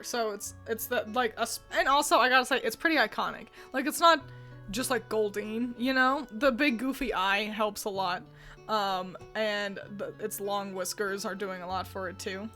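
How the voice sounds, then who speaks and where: A woman's voice: medium pitch, normal speed, sharp tone, faint music behind. A woman hosting a video, giving chatty, opinionated commentary with frequent filler words. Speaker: video host ranking designs.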